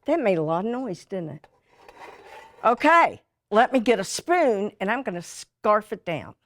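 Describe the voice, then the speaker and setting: Slow, lively woman cooking. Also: medium pitch, no room sound, clean studio sound. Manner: chatty and folksy, jokes while cooking. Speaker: TV cooking show host. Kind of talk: casual cooking demonstration. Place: studio kitchen.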